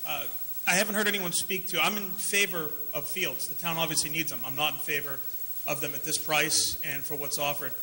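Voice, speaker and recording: A man's voice: fairly high pitch, fairly even intonation, fairly quick, pushed and bright. A man speaking bluntly and critically at a town meeting. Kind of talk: public meeting speech. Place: large meeting hall. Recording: echoey hall, faint hiss.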